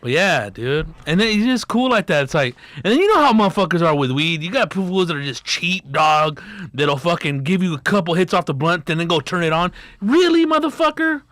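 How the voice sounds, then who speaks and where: Male co-host, slightly high voice, rowdy slang-heavy banter, dry close mic. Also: a little fast, no echo. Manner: animated, swears a lot, slangy "dude" and "dog". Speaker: podcast co-host. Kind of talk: casual podcast chat.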